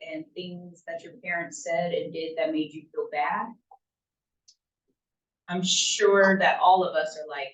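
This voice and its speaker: A woman's voice: lowish voice, fairly even intonation, unhurried, long pauses. Woman speaking far off in an echoey room. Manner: conversational, often checks in with "right?". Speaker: workshop presenter for parents. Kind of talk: informal talk to a parent group. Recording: roomy, distant, dull lo-fi room sound.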